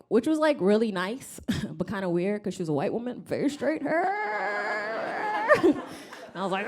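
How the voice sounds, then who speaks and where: A woman's voice: on the high side, sing-song, unhurried, gravelly, crowd noise. A woman from Rwanda doing a stand-up comedy set on stage, wry and self-deprecating, acting out other people's voices. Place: comedy club stage with live audience.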